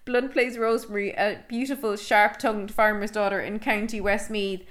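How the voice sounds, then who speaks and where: A woman's voice: mid-range voice, steady tone, normal speed. A woman co-hosting a podcast, chatting and laughing as she reads out bits of a film review. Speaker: podcast co-host. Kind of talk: casual chat reviewing a film.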